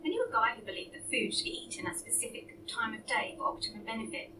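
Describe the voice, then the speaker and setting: A woman's voice: a little high, sing-song, fast, far from the mic, background noise. A woman reading a story aloud as narrator, in a dry, understated way. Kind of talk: audiobook reading.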